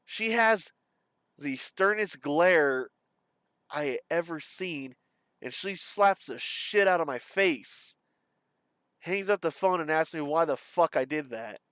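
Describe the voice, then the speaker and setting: A young man talking in a personal confessional monologue, halting and profane, full of fillers and restarts. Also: on the high side, lively intonation, a bit bright, smooth, dry recording. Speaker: vlogger.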